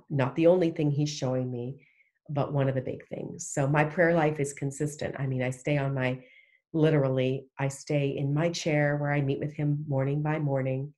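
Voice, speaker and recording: A woman's voice: low-pitched, a little mellow. A middle-aged woman speaking as a podcast guest, earnest and heartfelt in a casual faith conversation. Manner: earnest, heartfelt, emphatic with restarts.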